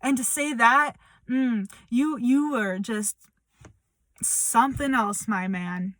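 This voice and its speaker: A woman's voice: fairly high pitch, slow, fairly bright tone, no room sound. A young woman speaking bluntly and confrontationally in a personal update vlog, swearing as she calls someone out. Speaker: vlogger.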